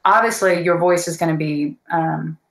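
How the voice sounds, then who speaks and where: A woman's voice: sits low, normal speed, roomy sound, rough recording. A woman speaking as a voice teacher in a casual interview, earnest and thoughtful, with many fillers.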